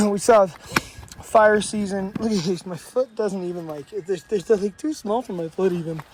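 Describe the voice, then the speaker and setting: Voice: mid-range voice, moderate pace, a little mellow, slight background noise. A hiker from Washington state talks to the camera while walking a mountain trail. The hiker rambles and often breaks into awestruck exclamations. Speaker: long-distance hiker. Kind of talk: walking trail vlog, thinking aloud.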